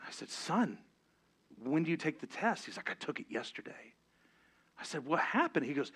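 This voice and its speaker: A middle-aged pastor preaching a sermon, swinging from loud, driving exhortation down to hushed, confessional moments. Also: male voice, a little high, very animated, moderate pace, pauses often, husky.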